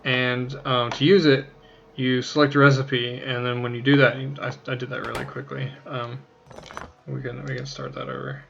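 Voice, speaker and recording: A man's voice: mid-range voice, flat delivery, normal speed, gravelly, a bit bright, muffled recording, a little hiss or hum. A man casually talking through a game tutorial, rambling, joking at his own expense and swearing now and then. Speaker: let's play host.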